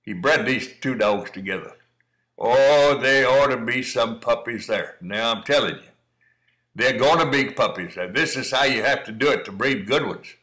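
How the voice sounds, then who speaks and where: A middle-aged cowdog breeder talks over training footage in a casual, folksy running commentary, encouraging the dog handler and calling him son. His voice is medium in pitch with a sharp tone, and he speaks at a moderate pace on a low-quality recording.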